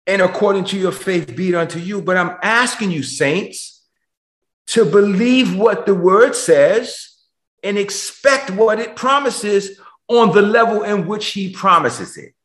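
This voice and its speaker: A man preaching a sermon as pastor over a video call, emotional, swinging between shouted questions and low, quiet lines. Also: measured pace, roomy sound.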